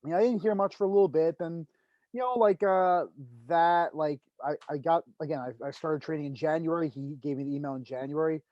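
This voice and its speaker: A man's voice: fairly high pitch, a little fast, no echo, highs cut off. A young man in his twenties answering interview questions at length, rambling with fillers. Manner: rambling, many fillers and restarts. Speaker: wrestler guest.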